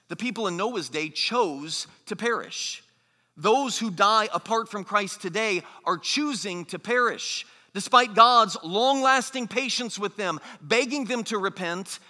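High, bright-voiced preacher in a reverberant hall. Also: male voice. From United States. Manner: earnest, emphatic preaching with mocking quoted voices. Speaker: pastor. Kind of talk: sermon.

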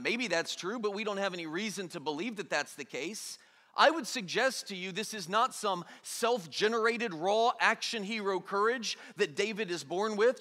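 A man preaching a sermon in an animated way, acting out the people in the story in everyday voices. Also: high voice. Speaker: pastor. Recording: long hall reverb.

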